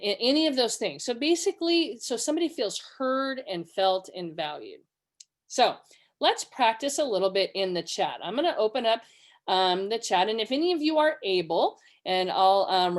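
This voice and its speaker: Chatty woman teaching a webinar. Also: mid-range voice. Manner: chatty, with fillers and acted-out quotes. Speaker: webinar presenter. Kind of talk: casual teaching talk.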